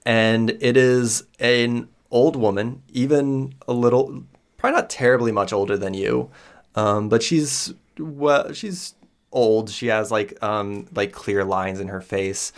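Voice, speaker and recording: A man's voice: mid-range voice, a little slow. A man narrating as game master of a tabletop role-playing game, describing scenes with many fillers.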